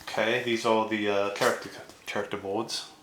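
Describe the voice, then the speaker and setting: A man's voice: on the low side, flat delivery, normal speed, noisy background. A man chatting casually as he unboxes a board game, rambling with lots of fillers and asides.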